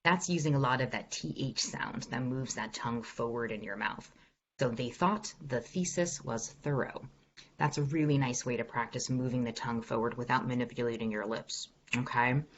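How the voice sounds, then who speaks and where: A woman's voice: rumbling low, fairly even intonation, brisk. Upbeat woman coaching over a dull video call. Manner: upbeat, encouraging coaching with demonstrations. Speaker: executive voice coach. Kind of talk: online workshop Q&A.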